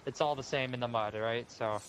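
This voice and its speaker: Deadpan Midwestern man over game ambience. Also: mid-range voice, fairly quick, slight background noise. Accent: American Midwestern. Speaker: podcast guest. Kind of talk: improvised comedy banter in a pirate persona.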